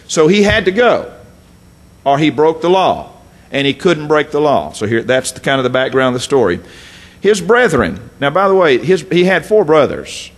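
A man preaching a folksy, emphatic sermon, reading scripture and adding asides. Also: mid-range voice.

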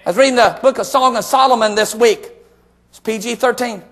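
A middle-aged man preaching a sermon, his voice sitting unusually high for a man. He moves from hushed, personal storytelling to shouted, emphatic exclamations. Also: a little fast. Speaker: pastor.

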